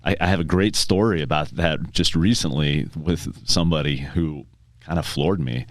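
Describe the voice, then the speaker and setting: A man, a tax preparer guest on a podcast, chatting casually and telling stories, briefly acting out his clients in quick bits of dialogue. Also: extremely low pitch, no room sound, clean studio sound.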